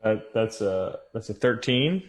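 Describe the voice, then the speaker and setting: A man with a fairly low voice playing a tabletop game in casual chat. He stammers and repeats himself as he gets going. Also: animated, unhurried. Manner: stammering, repeats words as he starts. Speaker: player.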